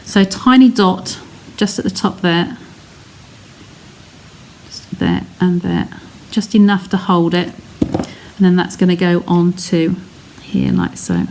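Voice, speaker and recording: A woman's voice: on the low side, expressive, takes it slowly, darkish tone. English woman, craft demonstrator, chatty and step-by-step, faint background noise. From England. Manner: chatty, narrates each step while reading live comments. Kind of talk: live card-making demonstration.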